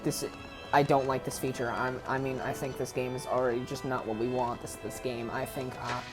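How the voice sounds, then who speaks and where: A woman's voice: extremely low pitch, flat delivery, a little fast, over music. A woman giving casual, rambling let's play commentary, frank and often correcting herself.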